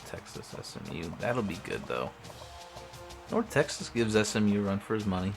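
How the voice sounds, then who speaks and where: A man's voice: fairly low pitch, big pitch swings, moderate pace, vocal fry, music in the background. A young man streaming a sports video game, talking casually to himself, swearing freely and restarting his sentences. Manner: talks to himself while playing, swears often, restarts sentences. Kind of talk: casual gameplay commentary.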